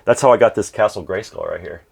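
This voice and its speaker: Deep-voiced guy in his 30s, rambly, talks with fillers and restarts. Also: fast talker, gravelly, a little mellow, breathy edge. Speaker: video game collector. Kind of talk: casual interview chat. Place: home collection room.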